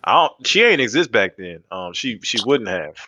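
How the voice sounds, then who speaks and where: A man co-hosting a podcast, animated and jokey, quick to laugh in group banter. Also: lowish voice, dry recording. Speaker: podcast co-host.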